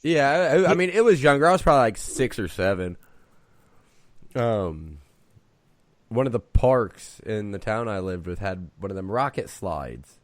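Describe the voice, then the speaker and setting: A man's voice: on the low side, big pitch swings, normal speed, no room sound. A man co-hosting a podcast, telling a story with hesitations and restarts. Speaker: podcast co-host. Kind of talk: casual storytelling.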